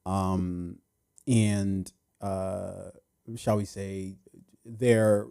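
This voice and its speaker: Rambling, profane American podcast host. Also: male voice, sits low, flat delivery, very slow, creaky, mellow, clean tone, no room sound, clean studio sound. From United States. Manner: rambling, profane, frequent restarts. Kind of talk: casual chat.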